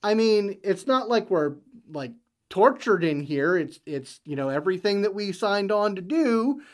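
A man's voice: high-pitched, very animated, measured pace, pitched above the performer's own voice. A man voicing a fed-up stranded worker who curses and complains indignantly.

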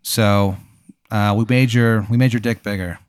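A man's voice: lowish voice, fairly even intonation, moderate pace, clean tone, no echo, studio quality, close to an everyday voice. A man voicing a nervous, immature bro-ish male surgeon who apologizes sheepishly in an improv comedy bit.

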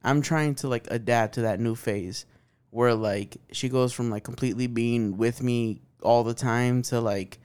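A man's voice: mid-range voice, steady tone, a little slow, darkish tone, clean tone. A man in his thirties co-hosting a podcast, chatting casually with lots of profanity, filler words and laughs. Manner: laid-back, profane, laughs often, lots of "like". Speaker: podcast co-host. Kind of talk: casual chat.

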